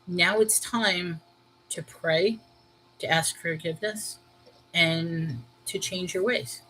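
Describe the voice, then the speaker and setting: A middle-aged woman hosting a casual livestream, chatting with viewers, laughing often, and slowing down to give earnest spiritual advice. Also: fairly low pitch, fairly bright tone, slight background noise, rough recording. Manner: earnest and slow when giving spiritual advice. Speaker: host of a Bible livestream.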